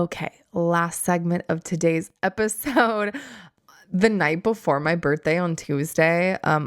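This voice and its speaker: A woman in her late twenties hosting a podcast, chatting casually in a slangy, animated storytelling way. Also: mid-range voice, gravelly, no room sound, clean studio sound. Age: 20s. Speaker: podcast host. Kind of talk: casual chat.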